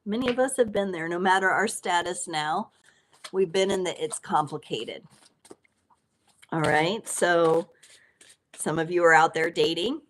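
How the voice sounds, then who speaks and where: A woman's voice: on the low side, measured pace, long pauses, a little hiss or hum. Chatty woman doing a live tarot reading. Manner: chatty and playful, with frequent fillers and laughs. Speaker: tarot reader hosting a live stream.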